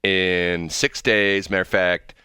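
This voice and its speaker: A man's voice: low-pitched, level tone, slow, sharp tone, smooth, dry recording, studio quality. A man hosting a morning radio show in casual banter, rambling, drifting off track and laughing often.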